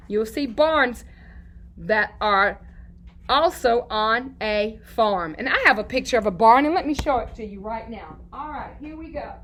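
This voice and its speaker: A woman teaches young children in a sing-song voice that sits a little high and rings bright. She repeats key words slowly and answers her own questions as she goes. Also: a little hiss or hum. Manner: asks questions and answers them herself. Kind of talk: children's lesson to camera.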